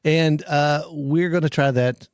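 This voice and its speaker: A man's voice: fairly high pitch, steady tone, a little slow, clear, resonant tone, dry recording. Male host, casual chat, rambling and giggly, dry basement recording. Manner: rambling, laughs often, restarts phrases. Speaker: podcast host. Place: home basement.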